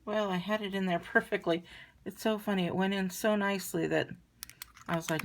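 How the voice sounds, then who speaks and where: A woman giving a chatty, relaxed card-making tutorial, talking her viewers through each step as she works. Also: mid-range voice, fairly quick. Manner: chatty, relaxed, talks while working. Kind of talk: crafting tutorial demonstration.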